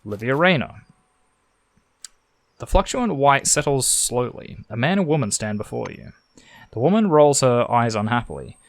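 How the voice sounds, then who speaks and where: A man's voice: mid-range voice, expressive, moderate pace, long pauses, no room sound. An Australian man reading a story game's text aloud and making sarcastic jokes between lines. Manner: sarcastic, joking. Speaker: game streamer.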